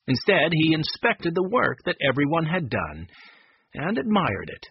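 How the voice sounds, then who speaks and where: Husky man narrating a children's book. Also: on the high side, wildly swooping pitch, unhurried, dry recording, dull audio.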